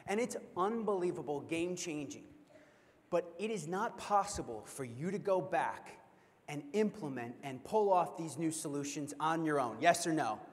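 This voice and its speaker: A young man giving a keynote speech at a convention, telling a funny story in an animated way and asking the audience questions. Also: a little high, moderate pace. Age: young adult. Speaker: keynote speaker. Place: large convention hall. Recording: long hall reverb.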